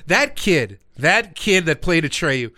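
A man co-hosting a comedy podcast, his high, bright voice full of animated swings. He jokes constantly and laughs easily. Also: measured pace. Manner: joking, animated, laughs often. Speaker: podcast co-host. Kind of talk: casual comedic podcast chat.

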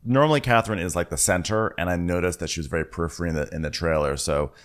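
A man's voice: sits low, racing. A man co-hosting a podcast, recapping a reality show in chatty, sarcastic casual talk with rambling asides over a remote call. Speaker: podcast co-host.

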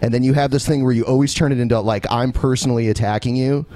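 Male podcast host, mid-pitched, measured and insistent while he holds his ground. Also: steady tone, warm tone. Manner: measured, insistent, explaining himself. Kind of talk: live podcast argument.

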